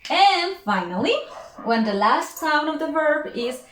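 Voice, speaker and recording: A woman teaching English pronunciation, repeating each word and sound slowly and carefully. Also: high-pitched, very animated, a bit bright. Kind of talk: pronunciation lesson. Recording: echoey room, faint noise.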